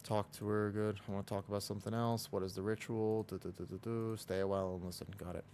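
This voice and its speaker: A man's voice: on the low side, little pitch movement, quick pace, a little mellow, a little hiss or hum. A man streaming a game, chatting casually with viewers in a rambling way. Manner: rambling, lots of "like" fillers. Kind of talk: casual livestream chat.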